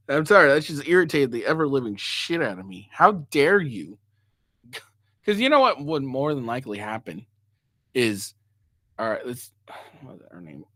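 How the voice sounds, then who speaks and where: A man's voice: a little high, a bit bright, no echo, clean studio sound. A man hosting a reaction commentary, ranting angrily with heavy profanity. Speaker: commentary host.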